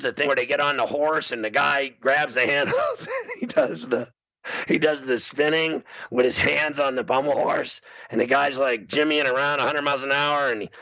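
A middle-aged man hosting a radio show, telling a comic story in an animated way. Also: vocal fry, dry recording, muffled recording. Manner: animated storyteller, bursts into high screaming. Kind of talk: comedic storytelling.

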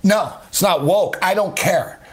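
A man's voice: sits high, measured pace. A man hosting a late-night sports talk radio show, ranting angrily and sarcastically.

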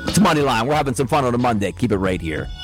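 A man's voice: mid-range voice, animated, rapid-fire, music in the background, rough recording. A man hosting a sports betting show, talking solo, firing off rhetorical questions and acting out imagined quotes. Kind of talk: solo sports talk monologue.

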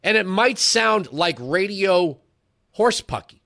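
A man's voice: high-pitched, very animated, moderate pace, a bit bright. A man in his forties hosting a political talk radio show, giving an emphatic, rhetorical monologue that moves between lecturing and storytelling.

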